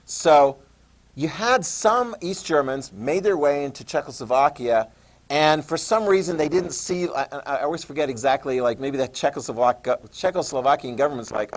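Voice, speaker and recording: A man teaching a history lesson, telling events as a lively story, repeating key terms for note-taking and briefly mimicking leaders in quick voices. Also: a little high. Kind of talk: classroom lecture.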